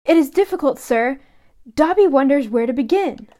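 A woman's voice: high voice, expressive, moderate pace, mellow. A woman voicing a timid, anxious male house elf as she reads his lines aloud from a storybook.

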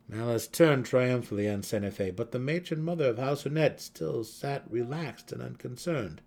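A man narrating a dramatic fantasy audiobook in a measured, deliberate way. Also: medium pitch, gravelly, a little mellow.

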